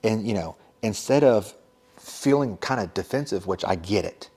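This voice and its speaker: In a lively, intonation-rich delivery, a young teacher and podcast host talks casually to other educators, sharing advice with plenty of fillers and quick asides. His slightly low voice has a darkish tone and a breathy edge.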